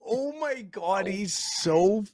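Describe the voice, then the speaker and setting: A man's voice: high-pitched, takes it slowly, dry recording, studio quality. A man co-hosting a stream, chatting casually and crudely while reacting to a video. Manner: crude, excitable, laughing riffs. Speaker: stream co-host.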